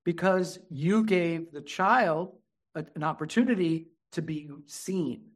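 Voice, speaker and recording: Earnest higher-voiced man. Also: slow. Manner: earnest, acts out soothing dialogue softly. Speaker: guest, child therapist. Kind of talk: conversational interview.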